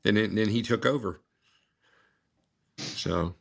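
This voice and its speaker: Gravelly-voiced middle-aged man telling a story. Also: lowish voice, takes it slowly. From United States. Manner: rambling, acts out past dialogue, many fillers. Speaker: guest, father and scuba therapy founder. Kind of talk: storytelling interview answer.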